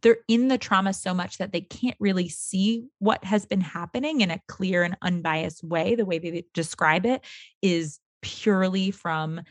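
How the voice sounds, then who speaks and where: A woman's voice: fairly low pitch, normal speed, dry recording. A woman hosting a podcast interview, talking earnestly and enthusiastically in long flowing sentences. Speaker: podcast host. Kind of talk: casual interview chat.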